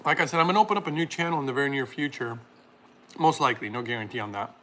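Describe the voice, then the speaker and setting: A man hosting a casual livestream, reading chat comments aloud and laughing often while making a smoothie. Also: mid-range voice, racing, fairly bright tone, a little hiss or hum.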